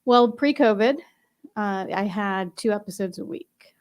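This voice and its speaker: Brief: cheerful, talkative female guest, steady mid voice. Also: medium pitch, unhurried, clear, resonant tone. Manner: upbeat, chatty, explaining. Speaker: podcast guest. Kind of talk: casual interview chat.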